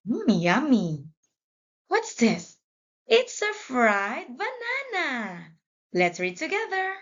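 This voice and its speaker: Lady teacher reading along with kids, super slow, bouncy up and down voice. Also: on the high side, huge pitch swings, a bit bright, highs cut off. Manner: slow, deliberate read-along prompting. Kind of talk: children's English lesson.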